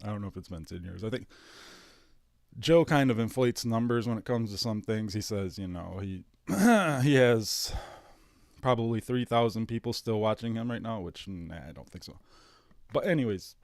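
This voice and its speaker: A man's voice: fairly low pitch, lively intonation, normal speed, creaky, darkish tone, no room sound, studio quality. A man in his thirties with a Detroit-area accent, hosting his own stream in a casual, rambling monologue, sarcastic and profane with mock-emotional asides. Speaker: streamer host.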